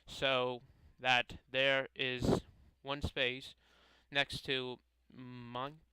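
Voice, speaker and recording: A man narrates a game playthrough slowly and haltingly, tripping over names and correcting himself. His voice is bright and smooth, recorded close and dry. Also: mid-range voice, completely flat delivery, no echo, poor audio. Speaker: gamer reading a visual novel aloud.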